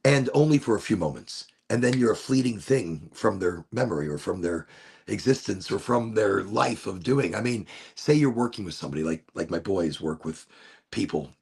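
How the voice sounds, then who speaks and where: A middle-aged man with a low, raspy, gravelly voice, talking in a loose, profane ramble. His pitch rises and falls a lot as he wanders from thought to thought. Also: a little mellow. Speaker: podcast host. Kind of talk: rambling casual monologue.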